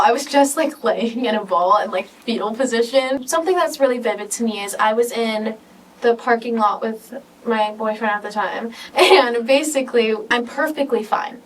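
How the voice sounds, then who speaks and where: Teen girl, distant mic, faint noise. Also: fairly high pitch. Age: teens. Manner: emotional, rambling storytelling with many "like"s. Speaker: podcast co-host. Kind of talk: casual personal talk.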